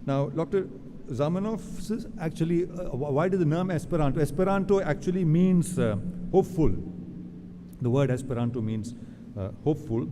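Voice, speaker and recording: A man's voice: a little high, a little fast. Man, academic lecture, rambling with fillers, echoing hall, noisy background. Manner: digressive, many fillers and restarts. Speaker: guest lecturer. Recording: reverberant hall, audible background noise.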